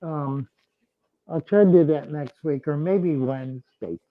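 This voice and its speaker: Slow, halting man in casual chat. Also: fairly high pitch, no echo, narrow, tinny audio. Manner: halting, thinking aloud with frequent restarts. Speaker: host answering viewers.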